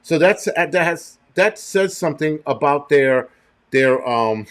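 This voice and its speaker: A man's voice: fairly high pitch, expressive, slow. Middle-aged guy cussing and rambling on his livestream, thanking chat. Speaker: show host. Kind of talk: casual livestream commentary.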